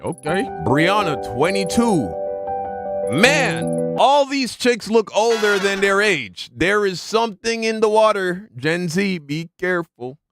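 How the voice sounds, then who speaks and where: A man's voice: high-pitched, expressive, slow pace, fairly bright tone, no room sound, soft background music. A man streaming reactions, musing aloud in a laid-back way with plenty of slang. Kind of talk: casual reaction commentary.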